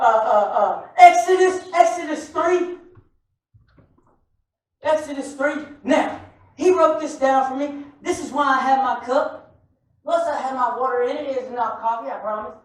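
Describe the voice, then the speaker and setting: A man preaching a sermon to a congregation, animated and often shouting, with joking asides. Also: very high-pitched, moderate pace. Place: church sanctuary. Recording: echoey church from far off.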